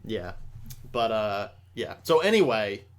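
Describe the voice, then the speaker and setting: On his podcast, a young host chats casually in a lowish, very animated voice at a slow pace. He rambles, swears a lot and keeps restarting his sentences.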